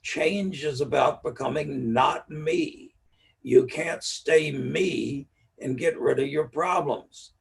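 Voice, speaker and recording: A man's voice: a little high, takes it slowly, distant mic, poor audio. A man teaching neurolinguistic programming in a live-streamed lecture, explaining his points with stories and repeating the key ideas. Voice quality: gravelly and husky. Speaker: NLP teacher.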